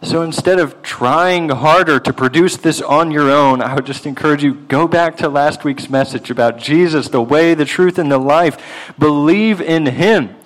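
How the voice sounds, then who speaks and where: A male pastor delivers an earnest, emphatic sermon. His voice sits somewhat higher than most men's, and he leans hard on key words as he works through scripture. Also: normal speed, poor audio.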